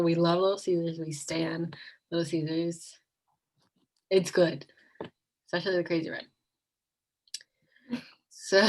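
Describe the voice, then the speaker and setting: A young woman vlogger tells a casual, rambling storytime over a video call, her fairly low voice heavy with "like" and frequent giggles. The recording quality is poor.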